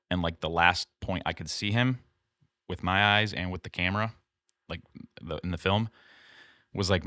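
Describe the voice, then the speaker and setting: Deep-voiced man telling a hunting story. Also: a bit bright, clear, resonant tone, no room sound, studio quality. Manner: rambling, filler-heavy retelling with many "like"s. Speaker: podcast co-host. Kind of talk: casual storytelling chat.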